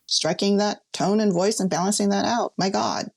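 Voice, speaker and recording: A woman's voice: medium pitch, steady tone, normal speed, vocal fry. A woman freelance food writer in a casual podcast discussion, speaking in a wry, emphatic way.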